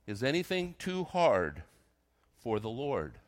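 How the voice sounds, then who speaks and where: An older man, a retired senior pastor, preaching a sermon, reading scripture slowly and acting out quotes between casual comments. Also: medium pitch, huge pitch swings. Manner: reads scripture slowly, then comments conversationally with dramatized quotes.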